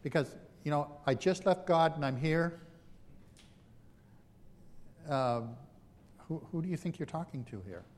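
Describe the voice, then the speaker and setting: A man's voice: on the high side, expressive, measured pace, pauses often. Man preaching, long hall reverb. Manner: conversational, self-deprecating storytelling. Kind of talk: sermon.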